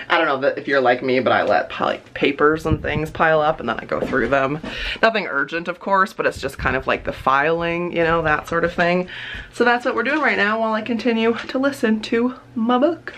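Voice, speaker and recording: Young female vlogger, bright tone, chatty and laughing, faint room hiss. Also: fairly low pitch, normal speed. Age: young adult. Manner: chatty, laughs often, many fillers. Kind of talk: casual home vlog chat. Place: home, indoors.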